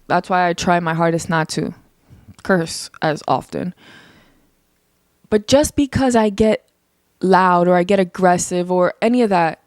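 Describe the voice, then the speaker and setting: A young woman hosting her own podcast, talking casually and passionately, her voice climbing high when she gets heated. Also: no echo, studio quality. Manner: passionate, emphatic, rises into heated rants. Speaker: podcast host. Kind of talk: casual solo podcast monologue.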